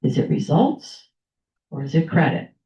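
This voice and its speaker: A woman's voice: sits low, very animated, measured pace, dark tone. An older woman giving a prepared storytelling speech at a club meeting, acting out the people she quotes. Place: meeting room at a club lunch. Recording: echoey room, dull lo-fi sound.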